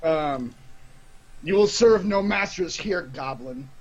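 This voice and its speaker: A man playing a character in a tabletop game, speaking slowly and solemnly. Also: high-pitched, breathy edge, low-quality recording. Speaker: player. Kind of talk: in-character play.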